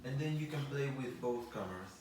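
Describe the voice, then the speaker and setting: A man on the studio crew giving halting instructions full of fillers before a take. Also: mid-range voice, animated, darkish tone, distant mic, slight background noise. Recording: echoey studio, voice from afar.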